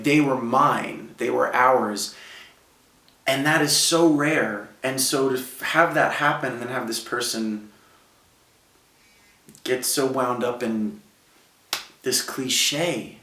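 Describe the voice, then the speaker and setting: A Brooklyn, New York musician in his thirties, appearing as a guest, tells reflective personal stories casually and heartfeltly, saying "like" a lot. His medium-pitched voice is bright and forceful, picked up from a distance in a roomy space.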